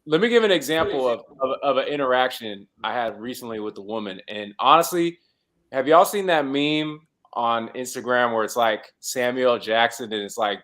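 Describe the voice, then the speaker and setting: A man's voice: mid-range voice, expressive, normal speed, a bit bright. A man in his thirties on a casual panel chat, telling a story in a blunt, lecturing way. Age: 30s.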